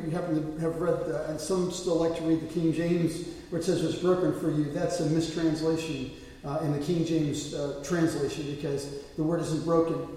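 A man preaching a sermon as pastor, moving between quiet asides and emphatic quoted lines. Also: a little high. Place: church sanctuary. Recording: echoey hall, voice from far off.

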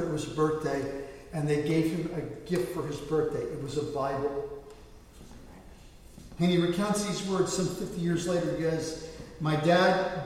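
A middle-aged man delivers an earnest sermon in a slightly high voice, swelling louder as he quotes scripture. He stands some way from the mic, and his words ring through a large, reverberant hall. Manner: earnest preaching, swells louder when quoting God. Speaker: pastor. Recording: echoey hall, voice from far off the mic.

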